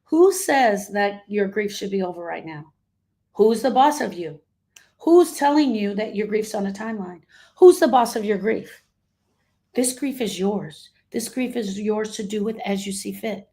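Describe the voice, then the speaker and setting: A woman with a medium-pitched, slightly rough voice speaks expressively and without hurry. She's hosting a motivational grief coaching livestream, warmly reading out comments from her audience in an emphatic style packed with rhetorical questions.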